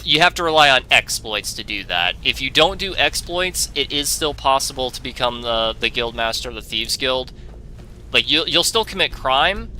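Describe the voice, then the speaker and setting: A man's voice: mid-range voice, sharp tone. A man hosting a gaming video, giving rambling, wry commentary with jokey asides as he plays. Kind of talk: casual let's-play commentary.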